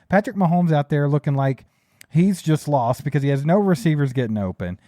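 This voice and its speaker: A man with a warm, mellow voice pitched a little high talks in a laid-back but frustrated way on a casual sports show. The sound is dry, close and free of any echo. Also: brisk. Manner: relaxed, laughs along, frustrated tone. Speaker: podcast co-host.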